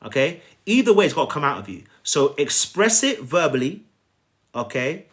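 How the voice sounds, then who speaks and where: Very animated and at normal speed, a life coach with a slightly high voice addresses his live-stream audience through a phone. He speaks emphatically, using viewers' names and checking in with "okay?" again and again.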